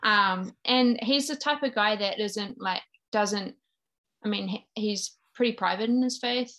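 A woman's voice: mid-range voice, unhurried, fairly bright tone. Earnest New Zealand woman telling her story. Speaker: guest. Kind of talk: personal faith testimony in conversation.

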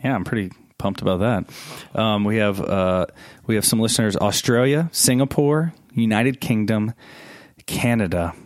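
Lively low-voiced priest hosting a podcast. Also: male voice, normal speed, no room sound, clean studio sound. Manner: animated, laughs often, jumps to high pitch for emphasis. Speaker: podcast host; Catholic priest. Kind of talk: casual podcast chat.

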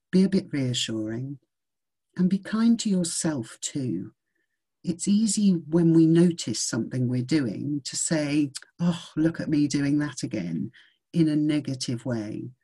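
Slow, soft-voiced reassuring woman. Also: sits low, slightly rough. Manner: gentle, reassuring, measured. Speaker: speaker on self-confidence. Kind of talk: reflective motivational talk.

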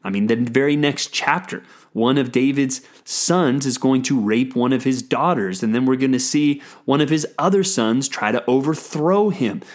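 A man preaching a sermon in a conversational teaching manner, with frequent restarts and fillers, slowing into a graver tone when he reads scripture aloud. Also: medium pitch. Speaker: pastor. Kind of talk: sermon teaching on a Bible passage.

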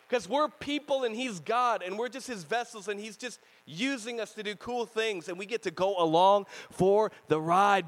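A male pastor preaching a sermon in an animated way, swinging between loud bursts and hushed stretches and laughing often. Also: sits high, poor audio.

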